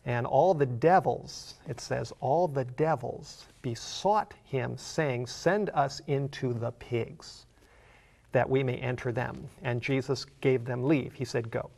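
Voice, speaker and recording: A man's voice: mid-range voice, fairly even intonation, a little slow, creaky, few pauses, a little mellow. A man preaching a sermon. He explains a Bible passage as a story in an earnest way and builds to emphatic questions.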